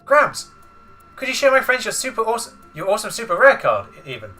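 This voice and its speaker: Picture an eager teenage duelist boy from a card-battle game, upbeat and a little boastful, put on by a man reading aloud. The voice sits high above an everyday speaking voice and has a bright, forceful edge. A faint game soundtrack plays underneath. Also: huge pitch swings, fairly quick, faint music behind, exaggerated voice. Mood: pleading.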